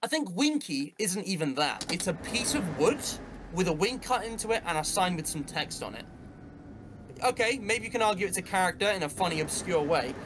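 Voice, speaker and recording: A man's voice: high voice, lively intonation, a little fast, background noise. A teenage boy hosting a gameplay stream, chatting casually with a co-host and rambling with many fillers. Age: teens. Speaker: gaming channel host.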